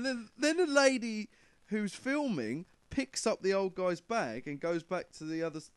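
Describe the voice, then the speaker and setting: A man's voice: fairly high pitch, clear, resonant tone, no echo. A man, a podcast host, telling stories in casual chat, swearing freely and laughing often.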